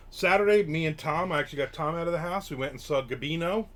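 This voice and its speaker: A man's voice: a little high, fairly quick, fairly bright tone. An older man streaming from home, casually chatting and grumbling through a story while acting out the quotes. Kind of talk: casual chat. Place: home room.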